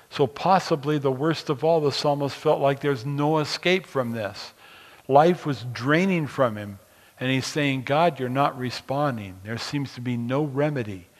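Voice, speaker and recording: A man preaches a sermon at a middle pitch. He reads scripture loudly and with force, then drops to quiet, pastoral asides. His voice rings with the long reverb of a hall. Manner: swings between loud emphatic scripture reading and quiet pastoral asides.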